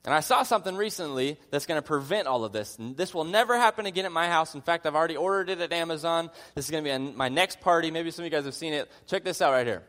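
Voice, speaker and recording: A man's voice: on the high side, fast, few pauses, a bit bright. A man preaching a conversational sermon as a pastor, earnest in his teaching and mixing in humorous personal asides. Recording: long reverb of a large hall.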